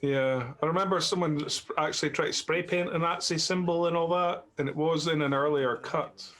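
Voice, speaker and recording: A man with a somewhat high voice jokes and teases his friends while they watch their old film together on a video call. His talk is casual and playful. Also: steady tone, normal speed, fairly bright tone. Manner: joking, teasing. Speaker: film editor on a commentary track. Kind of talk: casual commentary chat.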